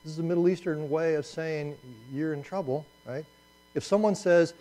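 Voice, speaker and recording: Male Bible teacher. Chatty, fairly high voice, loads of rhetorical questions. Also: normal speed, dark tone, poor audio. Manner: conversational, asks rhetorical questions, adds asides.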